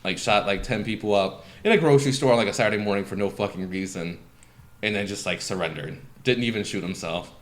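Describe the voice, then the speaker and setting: A man's voice: on the low side, fast. A man hosting a casual podcast, talking in a profane, sarcastic, rambling way. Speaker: podcast host.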